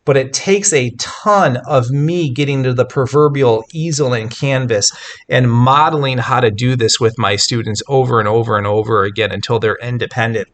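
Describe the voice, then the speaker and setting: A man's voice: medium pitch, normal speed, fairly bright tone. A middle-aged man, a composition teacher, talking earnestly and emphatically to fellow teachers, with fillers and restarts. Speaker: writing teacher.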